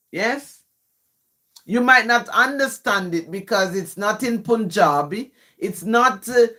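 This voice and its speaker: Jamaican woman poet hosting a live stream, unhurried delivery, explains things patiently and keeps checking in with viewers. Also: mid-range voice, a bit bright. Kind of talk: live stream, reading poetry and chatting with viewers.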